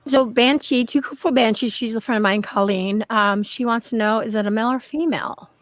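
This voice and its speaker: A woman's voice: a little high, a little fast, no room sound. A woman hosting a casual livestream interview over a video call, chatty, with frequent stumbles and restarts. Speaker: livestream host.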